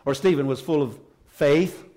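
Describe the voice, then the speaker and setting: A man preaching a fervent sermon, his voice sitting somewhat high. He talks emphatically and repeats his phrases for emphasis. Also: moderate pace, warm tone. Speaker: pastor. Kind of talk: Pentecostal sermon. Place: church service.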